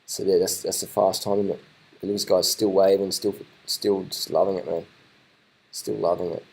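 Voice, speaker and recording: Excited man commentating. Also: low-pitched, normal speed, husky. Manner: excited, repeats himself, swears casually. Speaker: commentator reacting to race footage. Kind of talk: casual live commentary.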